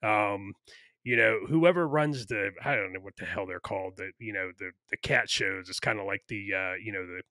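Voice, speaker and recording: A man's voice: on the low side, moderate pace, sharp tone, no echo, clean studio sound. A man co-hosting a podcast in casual, opinionated chat, ranting with lots of fillers and profanity. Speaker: podcast co-host.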